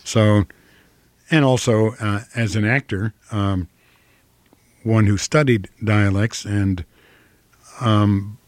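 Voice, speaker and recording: An older actor from Ohio with a flat Midwestern accent, answering interview questions slowly, with many fillers and restarts. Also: male voice, on the low side, no echo. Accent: flat Midwestern American.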